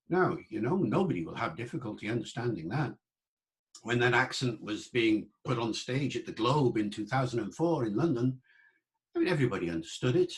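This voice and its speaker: A man's voice: medium pitch, expressive, moderate pace. Man giving an explanatory online lecture. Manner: explanatory and conversational, with asides to the listener; demonstrates old pronunciations aloud. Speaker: lecturer on the English language.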